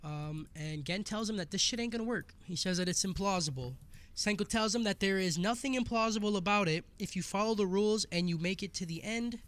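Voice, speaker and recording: A man's voice: sits high, fairly quick, a bit bright. A man co-hosting a casual podcast, recapping anime episodes with crude jokes and lots of swearing. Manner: crude, joking, swears a lot.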